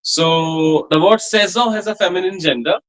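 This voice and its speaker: A man's voice: sits high, fairly bright tone, low-quality recording. A man teaching a French class, explaining grammar and patiently repeating words for students to copy. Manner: slow, patient pronunciation drills with repetition. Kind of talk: language class instruction.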